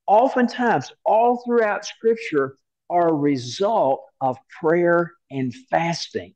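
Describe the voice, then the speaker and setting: A man's voice: on the high side, highs cut off. A man, preaching a sermon as pastor and telling a story with acted-out quoted voices. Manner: animated storyteller who acts out quoted voices.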